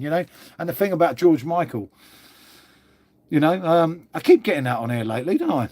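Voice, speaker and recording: Casual male streamer, a touch high-voiced, blunt, sweary, constant "mate". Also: sing-song, a little fast, mellow. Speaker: livestream host. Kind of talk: casual livestream chat answering viewers.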